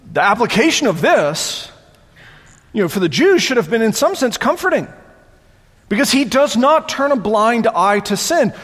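A man preaching a sermon as pastor, conversational and animated, often repeating words as he goes. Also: high-pitched, husky, big-room sound.

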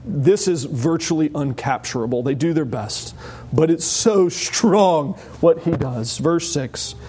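A man preaching a sermon as pastor, animated and wry, often laughing as he explains a passage. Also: fairly high pitch, a little slow, husky.

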